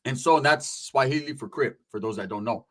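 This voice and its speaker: A man casually telling a profane, streetwise prison story, slipping into quick impressions of the people in it. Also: medium pitch, a bit bright.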